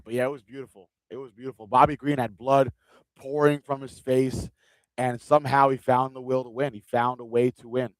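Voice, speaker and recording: Sitting in a gaming chair at home, a man with a mid-range voice gives loose, rambling live commentary on a fight stream and often repeats himself. The recording is dry and the audio quality is poor.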